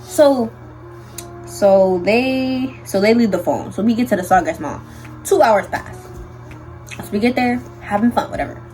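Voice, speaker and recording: A young woman vlogger telling a storytime in an animated, slangy way with lots of fillers. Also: medium pitch, measured pace, pauses often, faint music behind, low-quality recording. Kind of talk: storytime vlog.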